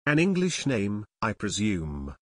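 A smooth French-accented restaurant manager, polished and courteous, as a male narrator puts him on, his words dry and close. The voice moves with a lively lilt. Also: fairly low pitch, unhurried, no echo, full character voice. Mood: probing.

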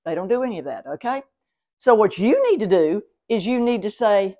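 A woman's voice: mid-range voice, animated, brisk, mellow, lo-fi sound. A woman working as a psychic medium, giving advice in a casual vlog and talking straight to the viewer in an exclamatory way.

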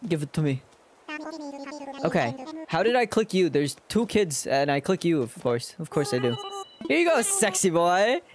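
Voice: medium pitch, big pitch swings, moderate pace, a little hiss or hum. A streamer giving casual gameplay commentary, joking crudely and playfully.

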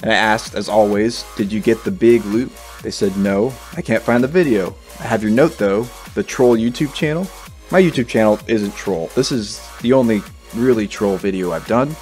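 A man's voice: fairly low pitch, normal speed, a little mellow, soft background music. A man chatting about a game and reading out players' messages in a joking, playful way. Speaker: gaming YouTuber. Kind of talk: casual gameplay commentary.

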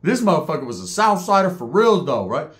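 Middle-aged man, storyteller; lively pitch, slangy, slips into others' voices. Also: a little fast. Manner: street slang, animated retelling, mimics other inmates' voices. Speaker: podcast storyteller. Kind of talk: casual storytelling.

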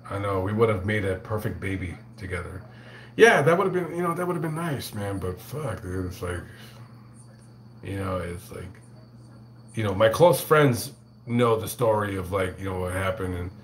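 A man hosting a casual livestream, telling a profane, rambling story full of halting restarts. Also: deep voice, very animated, echoey room, slight background noise. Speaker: livestream host reading super chats.

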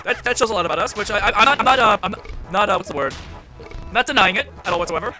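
Man, high lively voice, excitable swearing game commentary, music behind. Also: racing. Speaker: gamer. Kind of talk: profane let's-play commentary.

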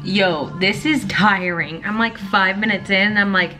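A woman's voice: medium pitch, animated, a little slow, hardly any pauses, over music. A woman vlogger chatting casually as she bakes in her home kitchen, joking and laughing at herself often. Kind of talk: casual baking vlog chat.

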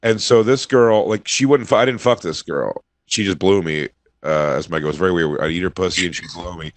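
A man with a fairly low voice trades crude stories in relaxed studio banter. He laughs into his own punchlines. His voice is dry and close to the mic. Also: a little fast, no room sound. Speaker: podcast co-host. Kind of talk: casual comedic banter.

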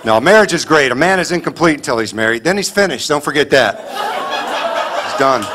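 There's slight background noise as a comedian from the US Kansas City area delivers a clean set to live audience laughter, using punchy stories and mock dialogue. His voice is a little high, expressive, a little fast, bright and forceful.

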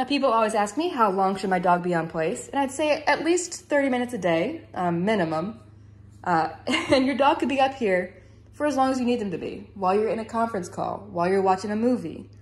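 Lady dog trainer demoing obedience at home, matter-of-fact, quick praise to the dog. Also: medium pitch, a little hiss or hum. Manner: calm, matter-of-fact explaining between brisk praise to the dog. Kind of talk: instructional demonstration. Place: inside a house.

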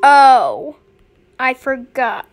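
A woman giving let's play commentary, excitable and quick to panic. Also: high voice. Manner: excitable, panicky, yelling in fright. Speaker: gameplay commentator.

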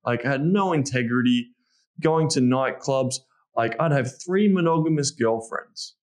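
A man's voice: mid-range voice, normal speed, a little mellow. Blunt, candid man telling his story. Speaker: podcast guest, sex coach. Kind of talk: casual podcast interview.

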